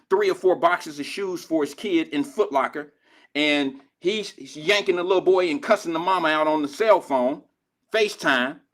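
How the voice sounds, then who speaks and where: An older man with a fairly high, bright, forceful voice hosts a drive-time radio show. His casual talk radio monologue tells stories in profane street slang.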